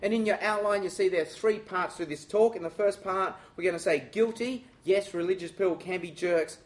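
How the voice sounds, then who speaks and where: A high-voiced Australian man giving a sermon. He talks in a lively, self-mocking and direct way as he leads his listeners through the questions. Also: a little fast. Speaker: preacher.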